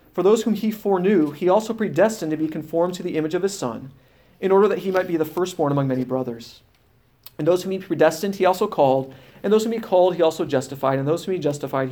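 A man's voice: fairly high pitch, darkish tone. A man teaching a sermon, reading scripture passages aloud and explaining them firmly, with fillers and restarts. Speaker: preacher.

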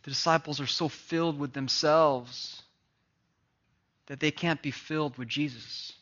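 High-voiced, bright male preacher. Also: fairly even intonation, measured pace, dull audio. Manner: dynamic preaching, swinging from loud declarations to hushed pleading. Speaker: pastor. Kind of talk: sermon.

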